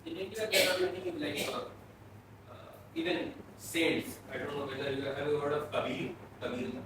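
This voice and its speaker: Lecturer, male, from Bhutan; slow, repetitive explanations, distant mic in an echoey classroom. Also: fairly high pitch. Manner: explains slowly, repeating and restarting phrases. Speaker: philosophy lecturer. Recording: echoey room, mic far off, faint noise.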